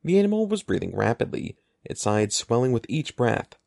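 A man narrating an audiobook in an expressive, lively storytelling manner. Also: mid-range voice, normal speed, vocal fry, no echo, studio quality. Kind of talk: scripted narration.

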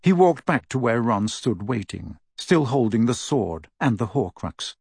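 A man's voice: on the low side, animated, a little slow, creaky, few pauses, darkish tone, husky, no room sound, clean studio sound. A man narrating an audiobook with dramatic, varied storytelling. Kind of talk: scripted narration.

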